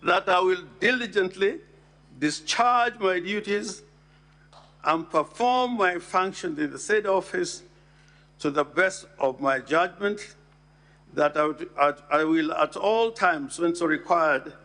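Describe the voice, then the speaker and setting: Slow, gravelly man speaking formally. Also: high-pitched, expressive, a bit bright. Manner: slow, deliberate, emphatic, stresses key words. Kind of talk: formal address at an impeachment hearing.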